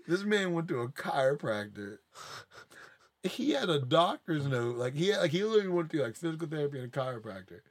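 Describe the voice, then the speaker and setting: A man's voice: fairly high pitch, wildly swooping pitch, a little fast. A man hosting a casual podcast, telling rambling, profane family stories with lots of "like". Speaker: podcast host. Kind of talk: casual storytelling chat.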